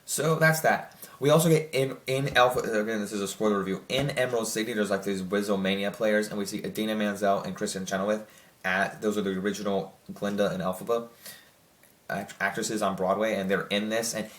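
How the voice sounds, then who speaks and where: Low-voiced rambling young man, echoey room. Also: steady tone, a little fast, a bit bright. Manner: rambling, full of fillers and restarts. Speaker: movie reviewer. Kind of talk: casual spoken review.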